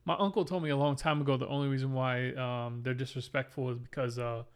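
A man's voice: mid-range voice, steady tone, fast, clean tone. A man co-hosting a podcast in casual chat, telling blunt, exasperated stories. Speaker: podcast co-host.

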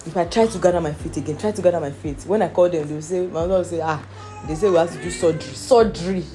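Middle-aged woman, earnest sermon delivery, mellow tone, faint music bed. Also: on the low side, quick pace. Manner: earnest, repeats "do you understand". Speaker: preacher. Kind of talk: teaching sermon.

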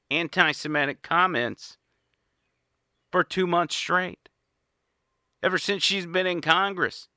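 A man's voice: a little high, bright, forceful tone, no echo. A man giving an indignant, sarcastic political monologue as host, recorded in a small studio. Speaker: political commentator. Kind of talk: opinionated monologue.

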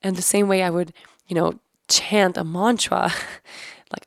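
In a reflective storytelling segment, a thirtysomething woman hosting a podcast digs openly into something that happened to her, cursing offhandedly. Her voice runs low, creaky, and flat at a normal speed, in a clean, dry studio recording.

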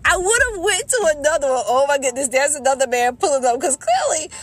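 A young woman talking from her car to her listeners, excitable and exasperated, breaking into laughter often. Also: high-pitched, a little fast. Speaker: podcast host. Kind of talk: casual storytelling to listeners. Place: in her car, parked and driving. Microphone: phone.

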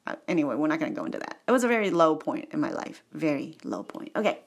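A woman's voice: on the low side, moderate pace, gravelly. A woman vlogger telling a rambling personal story, often cutting herself off, going off on tangents and laughing. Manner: digressive, self-interrupting, laughs often; animated and chatty.

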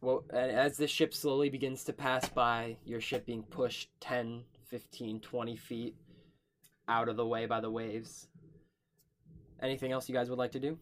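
A man narrating a tabletop game as game master, describing scenes at length and often pausing on fillers. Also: medium pitch, little pitch movement, a little hiss or hum.

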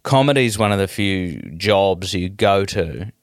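Lively New Zealand comedian, lower voice. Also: male voice, unhurried, no echo, clean studio sound. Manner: rambling, animated storytelling with many restarts. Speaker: comedian, guest. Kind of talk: casual interview chat.

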